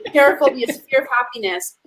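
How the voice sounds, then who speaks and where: A woman's voice: a little high, quick pace, a bit bright. A woman speaking as a podcast guest, a coach who talks with passion and emphasis and addresses listeners as friends. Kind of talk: conversational podcast interview.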